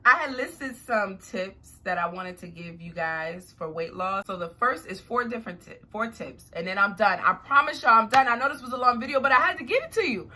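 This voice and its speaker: A young adult woman vlogger talking casually to her viewers, chatty and animated. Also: mid-range voice, a little fast, few pauses. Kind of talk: casual talk to camera.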